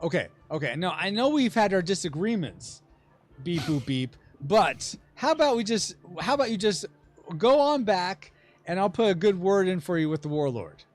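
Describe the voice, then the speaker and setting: A man's voice: high-pitched, animated, moderate pace, faint music behind, voice pushed up. A man putting on a wheedling junk robot. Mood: coaxing. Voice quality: beeping robot voice. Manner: wheedling, bargaining. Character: scrappy male junk golem robot, sly and coaxing.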